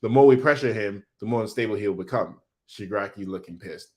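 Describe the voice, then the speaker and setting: A man hosting a casual manga reaction, reading panels aloud in an excitable, slangy way. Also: on the low side, a little fast.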